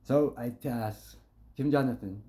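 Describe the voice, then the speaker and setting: A blunt man with a mid-pitched voice speaks straight to his supporters. He tells an impassioned story with profane language, acting out each conversation. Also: a little slow, dark tone. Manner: blunt and profane, acts out quotes.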